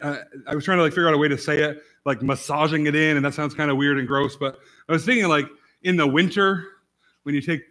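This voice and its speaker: Male pastor, fairly high bright voice, chatty sermon full of restarts and "right?", quiet asides breaking into loud bursts. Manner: rambling, repeats words and restarts often, fillers like "like" and "right?"; swings from quiet asides to sudden loud emphasis. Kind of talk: casual conversational sermon.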